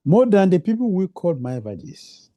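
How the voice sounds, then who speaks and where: A man's voice: high voice, very animated, normal speed, dry recording, dull audio. A man giving a devotional lecture, repeating phrases for emphasis and asking rhetorical questions, in non-native English phrasing. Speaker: preacher.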